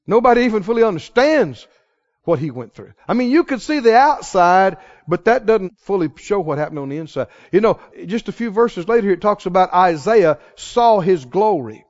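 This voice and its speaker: A man preaching a passionate sermon, pressing his listeners with rhetorical questions and swinging from hushed tones to loud ones. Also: sits high, very animated, moderate pace. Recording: reverberant hall, muffled sound.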